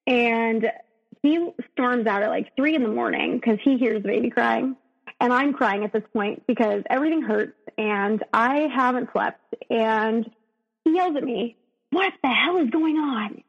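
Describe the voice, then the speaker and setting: A woman with a somewhat high voice recounts her personal story as an interview guest, earnest and emotional, often breaking off and starting over. The recording is dull and lo-fi. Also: a little slow, gravelly. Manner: earnest and emotional, with frequent restarts. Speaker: podcast guest. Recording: dull, lo-fi sound.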